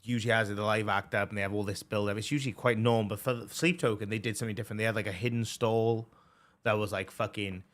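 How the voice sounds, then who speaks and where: A young man chatting casually as a streamer, excitable and swearing a lot, with plenty of fillers. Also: fairly low pitch, quick pace. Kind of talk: casual chat.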